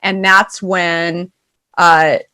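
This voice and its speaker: A woman's voice: lowish voice, drawn-out words, clean tone. A middle-aged woman, a company founder, telling a story casually in an interview and acting out the people she quotes. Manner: animated, acts out quoted voices in stories. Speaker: founder and CEO guest.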